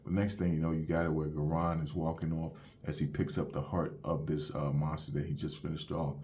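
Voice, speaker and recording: A young man with a very low voice recaps a comic chapter in relaxed, slangy everyday speech. He strings the story along with casual connectors, and there is a faint hiss behind him. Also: a little fast. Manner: loose and slangy, retelling the plot with "you have it where". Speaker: manga reviewer.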